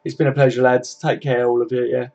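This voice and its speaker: A man's voice: medium pitch, flat delivery, quick pace, a little mellow. A tired young man chatting casually and swearing freely as he wraps up a football live stream.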